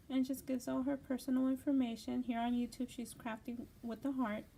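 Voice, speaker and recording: A middle-aged woman hosting a craft channel, chatting casually and excitedly as she unboxes gifts. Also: high voice, a little fast, vocal fry, few pauses, a little hiss or hum, poor audio. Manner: gushing, excited, gasping exclamations. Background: paper crinkling.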